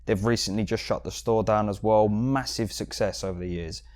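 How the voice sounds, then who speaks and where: A man with a London accent talks through his years running a jewellery shop on a podcast. His voice sits low and he tells stories in an animated way. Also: normal speed, clean tone. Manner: animated storyteller, mimics customers with sudden high bursts. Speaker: jewellery shop owner, guest. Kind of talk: casual podcast chat.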